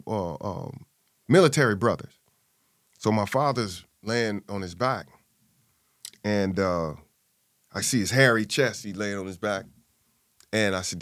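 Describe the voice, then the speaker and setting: A man's voice: lowish voice, unhurried, long pauses, a bit bright, dry recording, studio quality. A middle-aged man, an interview guest, telling a personal story and acting out the voices of his family.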